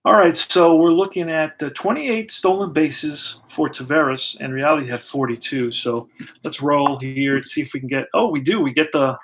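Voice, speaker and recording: A man with a gravelly, fry-tinged voice calls the action of a dice-driven baseball game as its host. He keeps it relaxed and conversational, talking through each roll and card as he goes. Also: on the high side, moderate pace. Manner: relaxed, thinks aloud while rolling dice and pulling cards. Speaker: host narrating a tabletop baseball replay. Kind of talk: casual play-by-play of a dice game.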